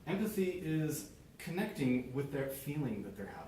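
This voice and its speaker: A man's voice: on the high side, sing-song, normal speed, dark tone. Man, prepared club speech, earnest, acts out little dialogues, faint background hum. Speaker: club speaker. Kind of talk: prepared speech to a small audience. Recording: very echoey room, mic far off.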